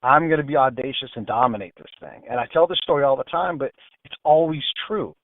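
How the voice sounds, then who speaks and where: A man calls in to a talk radio show, speaking at a middle pitch and pressing his points hard, often repeating words for emphasis. The line sounds narrow and phone-like, and there is no room sound. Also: quick pace, dry recording. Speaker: guest, military analyst.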